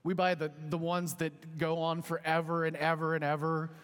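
A man in his thirties, a pastor, telling a story in an animated, conversational sermon. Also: a little high, normal speed, smooth. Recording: long hall reverb.

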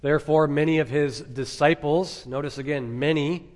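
A male pastor delivering an expository sermon in a fairly high voice. He preaches emphatically, leaning on dramatic pauses and rhetorical questions. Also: steady tone, a little mellow.

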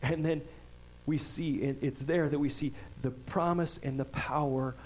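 Delivering his sermon, a pastor talks casually to the congregation with frequent "right?" asides, pressing hard on the words when he reads scripture. His slightly higher-than-typical male voice keeps a fairly even intonation, and the low-quality recording has a little hiss or hum.

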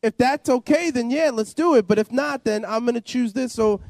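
High-voiced man telling his story. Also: normal speed, a little mellow, dry recording. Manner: rambling, repeats himself, lots of "you know" and "like". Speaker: interview guest. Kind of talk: personal testimony, casual storytelling.

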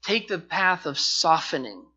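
A man preaching a sermon to his congregation as their pastor, passionate, moving between loud emphasis and quiet pleading. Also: a little high, sing-song, a little slow, breathy edge, dull audio. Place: church sanctuary.

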